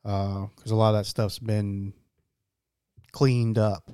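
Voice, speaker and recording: A man's voice: on the low side, flat delivery, slow, warm tone, clean tone, no room sound. Easygoing man in casual chat, dry sound. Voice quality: easygoing, lots of short agreeing replies. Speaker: movie review podcast co-host.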